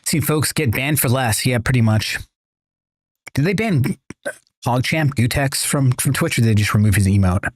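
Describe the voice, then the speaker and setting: A man's voice: mid-range voice, expressive, moderate pace, no room sound. A man streaming a video game, chatting casually with his viewers, rambling and swearing freely. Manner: rambling, profane, talks to chat. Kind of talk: casual chat while gaming.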